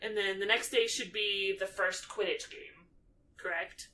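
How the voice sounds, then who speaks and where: Podcast co-host, female, casual recap chat, bright tone, slightly off-mic with faint hiss. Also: medium pitch, unhurried, distant mic, low-quality recording. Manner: animated, acts out quotes in character voices.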